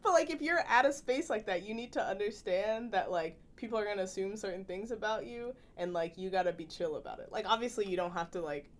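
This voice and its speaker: A young woman chatting casually, animated and full of laughs, with filler-heavy speech. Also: medium pitch, quick pace, few pauses. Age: young adult. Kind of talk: casual podcast chat.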